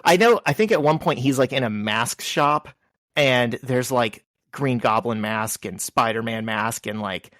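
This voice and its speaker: A man's voice: mid-range voice, measured pace, no room sound. Male podcast co-host, casual and meandering, dry close sound. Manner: relaxed, rambling with fillers. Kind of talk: casual chat.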